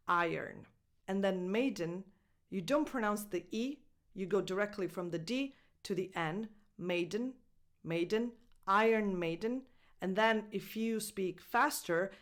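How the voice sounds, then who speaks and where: A woman with an Italian accent teaches English pronunciation in an unhurried, deliberate way. She repeats each word slowly and breaks it into syllables so every sound comes through. Her pitch sits in an ordinary middle range. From Italy. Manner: slow, careful, repeating words syllable by syllable. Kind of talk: pronunciation lesson.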